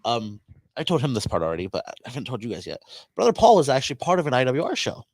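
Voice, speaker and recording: A man's voice: mid-range voice, wildly swooping pitch, fast, no echo. A man hosting a podcast, telling a rambling casual story and acting out what people said. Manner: rambling anecdote with acted-out quotes. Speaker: podcast host.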